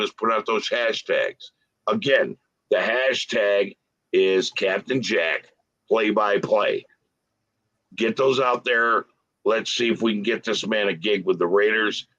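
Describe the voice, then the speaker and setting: A man co-hosting a casual livestream, chatty and emphatic with quick opinions. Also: lowish voice, a bit bright. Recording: dull lo-fi audio.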